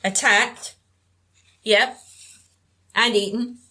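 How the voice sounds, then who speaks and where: A woman puts on a frail older woman for this audiobook, nasal and evasive. Her tone is bright and keen, and she speaks in halting bits, trailing off as if talking to herself. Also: mid-range voice, steady tone, heavily acted. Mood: bitter. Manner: halting, drifting, talks to herself. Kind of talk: audiobook character reading.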